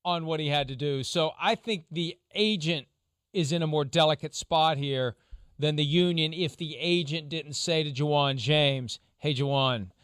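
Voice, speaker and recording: A man hosting a sports talk show, explaining legal angles in a measured, lawyerly way. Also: a little high, a bit bright, clear, resonant tone, no echo, clean studio sound. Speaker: show host, legal analyst.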